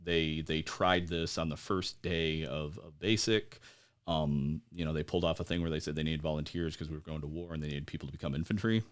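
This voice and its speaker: A man with a very low voice talks through his memories as an interview guest. He hesitates often, fills gaps with "uh" and "you know," and laughs wryly at dark moments. He is an American veteran in his forties. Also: steady tone, clean tone. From United States. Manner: halting, many fillers, laughs at grim moments. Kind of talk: conversational interview storytelling.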